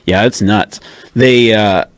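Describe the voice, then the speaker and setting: A deep-voiced man appearing as a podcast guest, speaking in a relaxed, easygoing way with casual slang. The close studio mic keeps his voice dry and clear. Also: slow pace, no room sound. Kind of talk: casual conversation.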